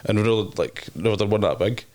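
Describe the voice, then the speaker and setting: A young Scottish man chats fast in a low voice, slangy and rambling, laughing often as he tells stories. He speaks as a guest in a casual interview. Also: animated, a little mellow.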